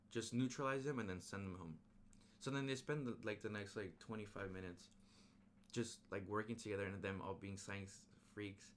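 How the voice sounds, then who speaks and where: A young man recapping a film in a casual, excited ramble, full of slang and fillers. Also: on the low side, slight background noise. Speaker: movie reviewer.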